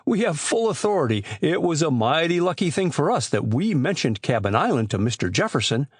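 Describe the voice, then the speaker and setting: A man's voice: fairly high pitch, very animated, fairly quick, slightly rough, no echo, clean studio sound. A man reading aloud, voicing a confident teenage boy detective in an audiobook. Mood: cheerful. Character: eager teenage boy detective, older brother.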